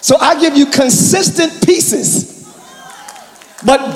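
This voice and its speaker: Male pastor, very high voice, shouting sermon in an echoey church hall. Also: very animated, slow, gravelly, a faint crowd, a little hiss or hum. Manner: shouting, preaching with call-and-response to the congregation. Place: large church hall with congregation.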